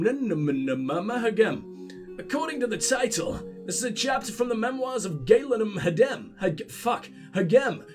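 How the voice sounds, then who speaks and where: A sick man with a headset, mocking the game in sweary let's play commentary and laughing at his own jokes. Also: high voice. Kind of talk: casual gameplay commentary.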